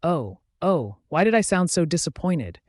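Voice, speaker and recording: A flustered young heroine, read by a man, speaks up bluntly and a little higher than the narration around her. She protests in quick, awkward bursts. It is a plain audiobook reading, close and dry. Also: very animated, no echo.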